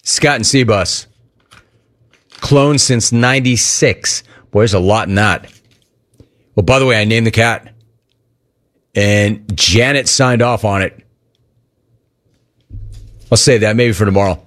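A middle-aged man hosting a sports talk show, answering listener questions in a casual, animated way that acts out remembered conversations. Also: on the low side, slow, pauses often.

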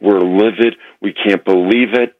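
A man's voice: fairly low pitch, fairly even intonation, measured pace. A male caller on a sports radio show, dramatic and distraught, rambling about his team's loss. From Detroit area. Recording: dull lo-fi phone-in line.

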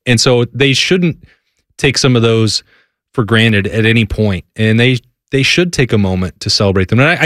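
A man's voice: medium pitch, a bit bright, no echo, studio quality. A man guesting on a sports radio show, talking casually in a self-deprecating, rambling way.

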